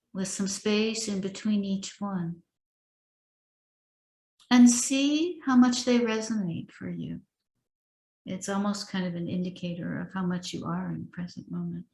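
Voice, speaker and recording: Woman meditation teacher, unhurried reading with spaces between lines, roomy echo. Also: medium pitch, a little mellow. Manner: slow, measured recitation with long pauses. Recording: echoey room.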